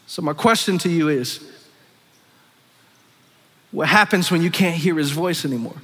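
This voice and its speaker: High, bright-voiced preacher in an echoing hall. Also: male voice, normal speed, pauses often, a faint crowd. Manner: impassioned, swinging between loud high preaching and hushed low asides. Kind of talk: sermon. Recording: long echoing reverb of a big hall.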